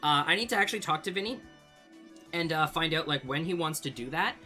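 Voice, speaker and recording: A man's voice: a little high, animated, brisk, bright, forceful tone, soft background music. A young man from Canada answering viewer questions in a casual vlog, rambling with lots of fillers and small laughs. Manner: rambling, hesitant, many fillers, laughs easily.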